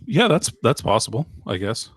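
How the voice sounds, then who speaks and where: A man's voice: medium pitch, sing-song, normal speed, husky, no room sound. A man co-hosting a podcast in casual chat, blunt with dry short answers. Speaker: podcast co-host.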